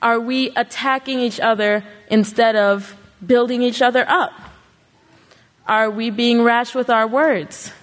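A woman's voice: fairly high pitch, steady tone, a little slow. Earnest woman preaching in a reverberant hall. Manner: earnest, exhorting with rhetorical questions. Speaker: congregation speaker. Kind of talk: sermon.

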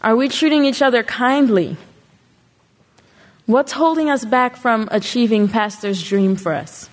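A woman with a slightly high voice delivers an earnest sermon, exhorting her listeners with a run of rhetorical questions. Her words ring out with a long reverb, as in a large hall. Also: measured pace. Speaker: congregation speaker.

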